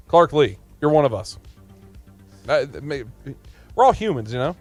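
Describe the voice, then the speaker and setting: Man, sports radio host, upbeat, emotional, higher voice, dry studio sound. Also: sing-song, moderate pace, dry recording, soft background music. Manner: upbeat, laughs easily, emotional. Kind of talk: casual radio chat.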